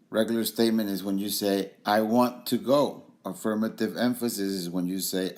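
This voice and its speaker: Low-voiced man teaching with relaxed repetition. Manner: relaxed, repeats example phrases slowly with fillers. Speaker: language trainer. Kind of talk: instructional explanation.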